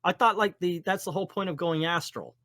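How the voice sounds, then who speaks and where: Joking comic-reading man, slightly high. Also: brisk, pushed and bright, no room sound, studio quality. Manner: joking, laughs at his own reading. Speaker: comics podcast host. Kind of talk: casual chat, reading comics aloud.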